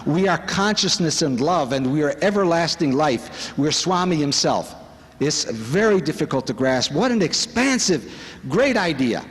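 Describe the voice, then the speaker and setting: A man's voice: fairly high pitch, animated, a little slow. A man giving an inspirational spiritual talk at a retreat, fervent and exclamatory, full of rhetorical questions. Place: large conference hall. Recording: long hall reverb.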